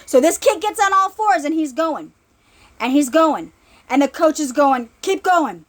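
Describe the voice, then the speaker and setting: A woman preaching in a loose, conversational way, with a very high voice that swings up and down. She repeats herself, restarts her sentences and keeps checking in with her listeners. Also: lively intonation, normal speed. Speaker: ministry speaker. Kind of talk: informal sermon.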